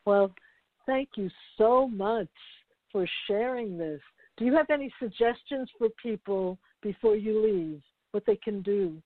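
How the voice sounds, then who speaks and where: A woman's voice: mid-range voice, a little slow, no echo. Woman host on a dry, tinny phone line. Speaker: interview host. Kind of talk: interview conversation.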